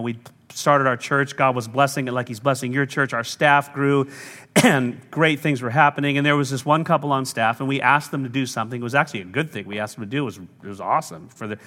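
A man's voice: medium pitch, quick pace, fairly bright tone. A man preaching a sermon as lead pastor, telling stories and acting out the voices of people he quotes. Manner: storytelling preacher, acts out quoted voices, laughs now and then. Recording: long hall reverb.

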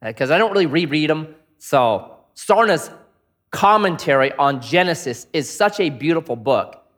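Male pastor, middle-aged, sermon, high voice, swoops all over the place, storyteller. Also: normal speed. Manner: animated storyteller, acts out voices in anecdotes.

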